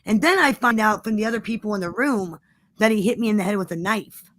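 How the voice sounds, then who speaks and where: A woman's voice: medium pitch, fast talker, fairly bright tone, no echo. A woman guest telling a story in a defiant, profane way, repeating herself for emphasis. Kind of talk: casual storytelling.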